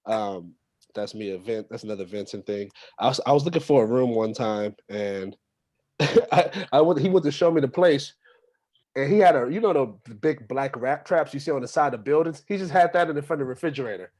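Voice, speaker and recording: A man's voice: medium pitch, animated, fairly quick, a little mellow. Loose Bay stand-up comic, man. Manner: loose, conversational delivery with many fillers. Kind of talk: stand-up set at an open mic.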